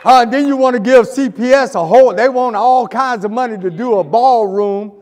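A man's voice: extremely high pitch, fairly quick, a little mellow, in a large hall, some chatter behind, a little hiss or hum. A male pastor preaching a fervent sermon, repeating phrases and hurling rhetorical questions at the congregation. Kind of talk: fiery sermon. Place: church sanctuary.

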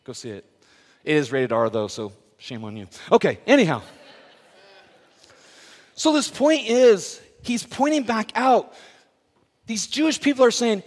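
A man's voice: high-pitched, lively intonation, a little slow, long pauses. A male pastor preaching a sermon in a church, telling a story with playful asides to the congregation. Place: church worship center. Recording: long hall reverb.

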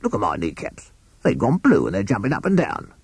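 A man's voice: lowish voice, wildly swooping pitch, brisk, a little mellow, husky, no room sound, exaggerated voice. A man voicing a scruffy male rat in a storybook, in a dry, grumbling way. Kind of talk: storybook character voice.

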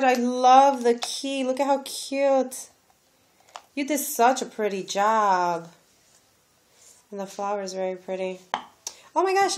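Gushing woman, unhurried delivery, casual unboxing vlog. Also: fairly high pitch. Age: adult, has a daughter. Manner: gushing, exclaims often. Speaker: crafting vlogger opening a gift.

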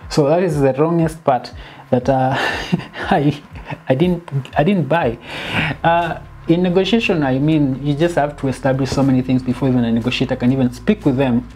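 A woman giving a casual, animated film critique, dropping in bits of Swahili slang and sounding exasperated. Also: very deep voice, normal speed, a little hiss or hum. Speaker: film reviewer.

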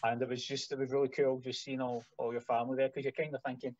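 A man's voice: mid-range voice, flat delivery, quick pace, a little mellow, no echo, muffled recording. A Scottish man, a band manager, telling rambling stories in a casual podcast chat, full of fillers and restarts. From Scotland. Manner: rambling storyteller with many fillers.

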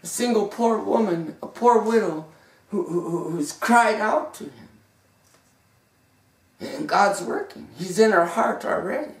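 A woman preaches a fervent sermon, stammering and repeating herself as she stumbles over words. Her gravelly voice is medium in pitch and her pace is measured. The room is echoey and the mic is far away.

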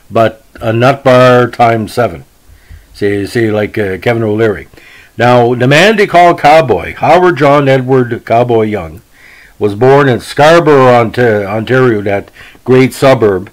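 Casual male podcast host, middle pitch, rambling delivery. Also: low-quality recording. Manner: rambling, with many fillers and restarts. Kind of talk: casual hockey history podcast.

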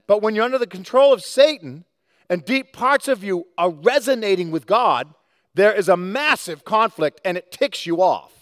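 A male pastor preaches with a fairly high voice, swinging between hushed earnest moments and bright, lively asides. He talks to the congregation conversationally, and the sound is dry and close. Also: unhurried, no room sound. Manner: animated, conversational, acts out quotes. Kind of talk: sermon. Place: church sanctuary.

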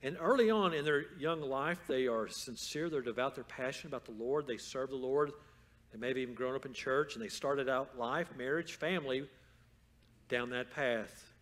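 Bright-voiced man preaching a sermon. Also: mid-range voice, moderate pace. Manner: builds from calm talk to loud fervent exhortation. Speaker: pastor. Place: church sanctuary.

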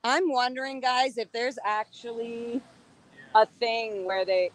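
A woman with a high, sharp, bright voice speaks outdoors on a city sidewalk, shouting blunt, profane protest lines at a building. Between shouts she chats casually to the camera on a handheld phone. Her voice sounds close and dry. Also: normal speed, no echo. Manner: loud, blunt and profane, calling out to people inside. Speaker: street protester filming a livestream. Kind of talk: confrontational shouting at a building mixed with casual chat.

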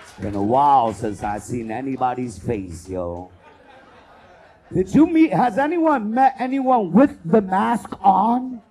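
Husky, brash New stand-up comic. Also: male voice, high-pitched, takes it slowly. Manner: loud, profane, animated crowd work with acted-out voices. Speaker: stand-up comedian and host. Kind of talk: stand-up comedy set.

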